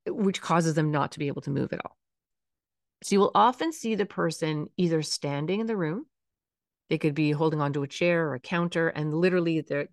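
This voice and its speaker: A woman hosting a podcast, explaining calmly and instructively, sometimes acting out soft soothing phrases. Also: sits low, dry recording, clean studio sound. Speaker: podcast host.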